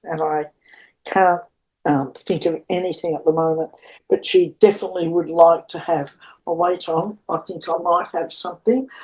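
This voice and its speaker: A woman's voice: on the low side, steady tone, moderate pace, a little mellow, low-quality recording. A woman talking as a psychic reader in a meandering spiritual monologue, calling her listeners darlings.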